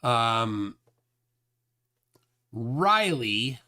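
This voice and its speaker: A man hosts a casual livestream, reading out chat comments one after another. His pitch swings widely, rising and dipping as he rambles. He trails off and restarts often, with plenty of fillers between thoughts. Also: sing-song, drawn-out words, bright, forceful tone.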